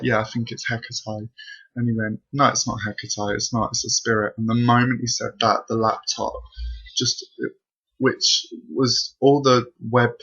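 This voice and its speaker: A young man's mid-range voice, gravelly, a bit bright, and slightly rough, carries a rambling, breathless spooky story full of fillers. He's a vlogger speaking casually to camera from his bedroom, in a dull lo-fi home recording.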